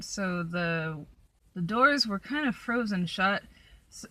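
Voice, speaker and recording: A young woman tells stories from her travels in a loose, chatty vlog style. Her voice sits fairly low for a woman, and she talks with plenty of ums and likes. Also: fairly bright tone, no room sound. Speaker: solo traveler vlogger. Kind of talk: casual storytelling vlog. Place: in her van.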